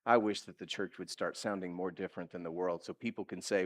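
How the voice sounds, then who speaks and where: A male pastor preaching a sermon in a lively, conversational way, asking his listeners direct questions and acting out quotes. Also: low voice, fast, hardly any pauses. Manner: animated preaching, acts out quotes.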